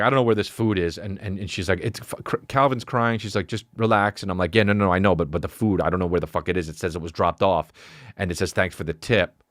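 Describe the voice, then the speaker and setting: Guy ranting a funny story on his podcast, cusses a lot, lowish voice, dead dry mic. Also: no room sound. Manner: profane, exasperated, acts out quotes. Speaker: podcast host, comedian. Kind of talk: comedic storytelling.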